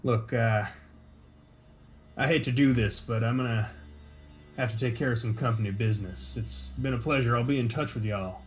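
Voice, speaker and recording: A sweaty, balding middle-aged boss, played by a man running a tabletop game, talks in a breathless, folksy drawl. He stays glib and chummy even when things go badly. Faint music plays behind him. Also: mid-range voice, moderate pace, long pauses, lightly acted. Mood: flustered.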